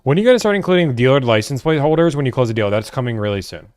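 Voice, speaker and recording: A young man chats casually on a livestream, answering viewers' questions one after another. His voice sits at an ordinary middle pitch, and the sound is dry and close with no room echo. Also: animated, very fast, darkish tone, clear, resonant tone. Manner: laid-back, chatty, answers chat questions. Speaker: livestream host answering chat.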